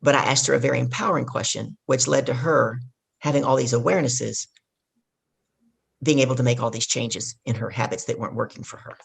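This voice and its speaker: Woman, gravelly voice, husky tone, business coach telling animated stories on a podcast. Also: rumbling low, a little fast. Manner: animated storyteller who acts out dialogue. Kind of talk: storytelling interview.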